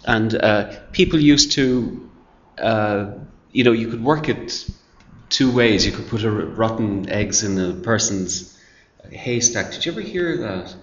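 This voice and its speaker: A man's voice: on the low side, lively intonation, unhurried. A man interviewing in a casual, hesitant way with many fillers. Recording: echoey, dull recording with faint ambient noise.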